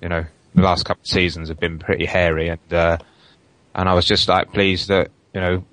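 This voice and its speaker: A man, a guest on a football podcast over an online call, speaking in a measured, hedging way full of fillers. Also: low-pitched, level tone, fairly bright tone, dry recording, poor audio. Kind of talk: casual football chat.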